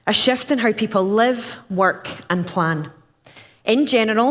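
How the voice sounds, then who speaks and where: A woman's voice: mid-range voice, fairly bright tone. A woman with a Scottish accent giving a candid, personal conference talk. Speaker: conference speaker. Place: conference hall. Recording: reverberant hall.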